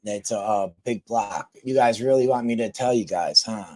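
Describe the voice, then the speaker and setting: A man's voice: fairly low pitch, moderate pace, mellow, no echo. A man chatting casually with viewers on a live stream, rambling with lots of ums and restarts.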